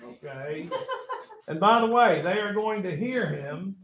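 A man teaching a history class, telling the story with lively asides and reminders to take notes. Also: high voice, slow. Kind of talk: classroom lecture. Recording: echoey classroom.

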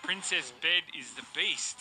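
A man's voice: fairly high pitch, lively intonation, a little slow, sharp tone, soft background music, low-quality recording. A man streaming a party game with friends, reading answers aloud with crude jokes and frequent laughter. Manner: laughs often, crude joking. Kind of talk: casual game-night chat.

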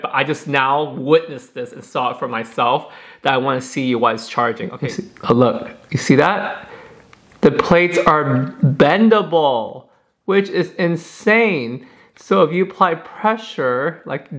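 A man, a professional hairstylist, reviewing a flat iron in a chatty, excitable, dramatic way. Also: medium pitch. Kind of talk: casual product review vlog.

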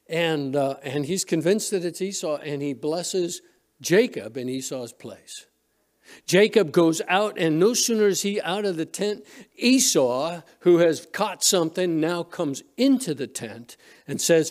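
A man's voice: fairly high pitch, lively intonation, measured pace, a little mellow. A male pastor preaching a sermon in a church, retelling a story conversationally with frequent restarts. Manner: storytelling, retelling scenes with quoted voices. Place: church sanctuary.

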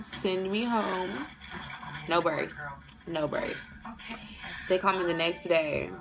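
A young woman tells a story to the camera in an animated, profane style, slipping into other people's voices as she goes. Her voice sits a little low, and she is wearing a neck brace. A steady noise hangs behind the recording. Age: young adult. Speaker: vlogger. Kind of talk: casual storytelling vlog.

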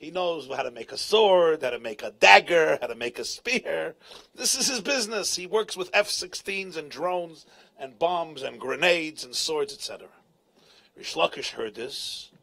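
Rabbi guy telling a talmud story in an event tent, husky voice, swings way up and down, gets really emphatic and loud at times. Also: fairly high pitch, lively intonation, normal speed. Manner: dramatic, emphatic retelling with shouted peaks. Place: large event tent, live audience.

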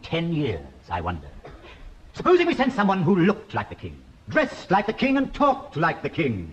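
A man playing a scheming, pompous court lord who speaks smoothly and courtly in a TV sketch. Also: on the high side, wildly swooping pitch, normal speed. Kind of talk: 1970s TV sketch comedy. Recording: dull old TV recording with studio audience laughter.

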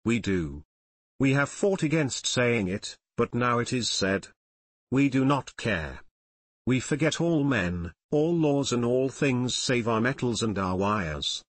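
A man narrating an audiobook in a measured, solemn reading voice. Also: medium pitch, expressive, no room sound. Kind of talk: scripted narration.

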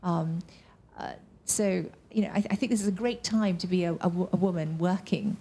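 A woman's voice: on the low side, moderate pace, mellow, breathy edge. A woman answering on a discussion panel, hesitant, with many "you know" fillers and restarts. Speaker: panel speaker.

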